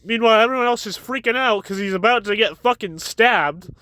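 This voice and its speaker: A man's voice: high-pitched, sharp tone, clear, resonant tone, no room sound. A man casually recapping and reviewing a manga chapter, rambling a bit as he retells scenes. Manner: rambling, retells scenes with quick quoted voices.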